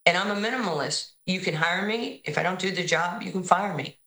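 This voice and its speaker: A woman's voice: lowish voice, fairly quick, reverberant, poor audio. A woman from New York, a basketball head coach, telling stories in an interview and acting out the people she quotes. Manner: animated storyteller, acts out quoted voices. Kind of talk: interview storytelling.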